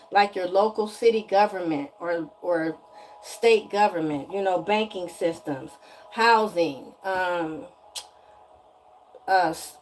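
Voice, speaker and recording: A woman's voice: medium pitch, a little mellow. A woman giving a spiritual energy reading straight to the viewer in a sassy, chatty way, often asking "okay?". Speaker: tarot energy reader.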